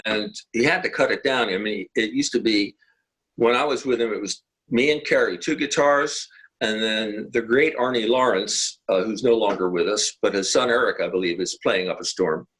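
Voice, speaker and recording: A man's voice: on the low side, normal speed, fairly bright tone, breathy edge, poor audio. An older man, a guest musician, telling long rambling anecdotes in a casual interview. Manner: rambling, anecdotal, many restarts. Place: home, video call.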